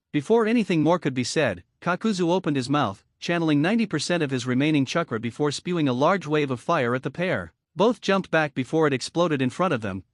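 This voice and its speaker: A man narrating a fan fiction story aloud with a steady, even reading. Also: a little high, no room sound, clean studio sound.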